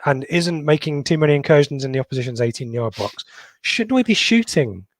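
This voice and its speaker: A middle-aged man co-hosting a football podcast, reading out viewers' comments in a halting, casual way with many pauses and ums. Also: a little high, animated, dry recording. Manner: halting, lots of ums and restarts. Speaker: podcast co-host.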